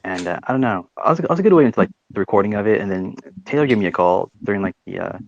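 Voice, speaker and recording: A man hosts a live audio chat room, rambling quickly and swearing freely. His voice is gravelly. The recording is dry and lo-fi. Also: on the low side, animated, darkish tone. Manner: rambling, swears, many fillers like "you know" and "right". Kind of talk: casual chat.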